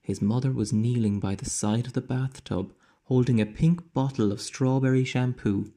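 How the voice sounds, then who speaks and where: A man teacher reading a children's storybook aloud slowly, dropping into dramatic whispers. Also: medium pitch, dark tone.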